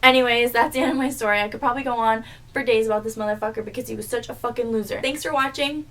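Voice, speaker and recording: A woman's voice: fairly high pitch, fairly even intonation, very fast, fairly bright tone. A woman in her twenties telling a storytime vlog in a blunt, profane, exasperated way. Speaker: vlogger. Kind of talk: casual storytime.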